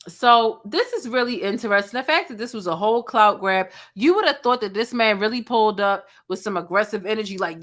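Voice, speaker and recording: A woman's voice: mid-range voice, animated, a little fast, few pauses, a bit bright. A woman blogger giving sassy, slangy commentary, breaking down a celebrity feud and mimicking the people she quotes. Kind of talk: commentary vlog.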